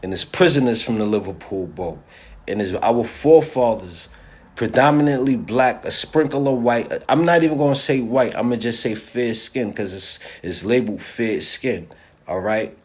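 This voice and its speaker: A man's voice: medium pitch, moderate pace. A man delivering an impassioned casual monologue straight to his viewers. He is emphatic and repetitive, restarts his sentences often and keeps checking in with "all right?". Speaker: social media commentator.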